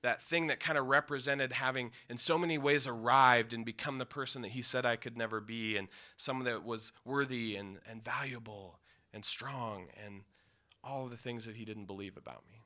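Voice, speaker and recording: Man, intense personal storytelling, very bright voice, smooth and clear. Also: mid-range voice. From Yakima, Washington, USA. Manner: emotional, intense, with pauses and restarts.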